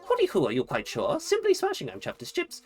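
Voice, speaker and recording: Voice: mid-range voice, wildly swooping pitch, quick pace, darkish tone, soft background music, pitched above the performer's own voice. A gamer voicing a fussy, chatty male owl museum curator who exclaims over fossils in a prim, old-fashioned way. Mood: delighted. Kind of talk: reading game dialogue aloud in a voice.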